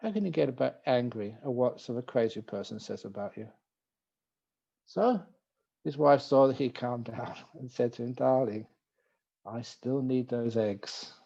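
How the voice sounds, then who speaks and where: Mellow monk telling a story. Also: male voice, medium pitch, normal speed, gravelly, husky, muffled recording. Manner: relaxed, gently humorous storyteller. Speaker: Buddhist monk teacher. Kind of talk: dharma talk with storytelling. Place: retreat talk.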